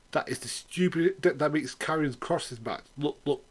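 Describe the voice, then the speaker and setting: A man's voice: a little high, measured pace, breathy edge. A man hosting a weekly wrestling review in a casual, rambling way, full of fillers, sarcastic asides and laughter at his own jokes.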